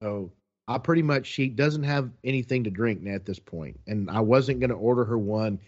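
A man telling a long story in a casual, animated way, quoting people as he goes. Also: medium pitch, moderate pace, muffled recording.

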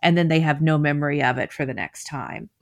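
Woman, podcast host, thoughtful questions, fairly low voice. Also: brisk, gravelly. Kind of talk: podcast interview.

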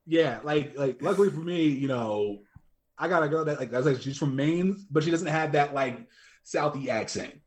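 A man's voice: on the high side, normal speed. A young man chatting casually as a podcast guest, joking and loose, with plenty of fillers. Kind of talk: casual chat.

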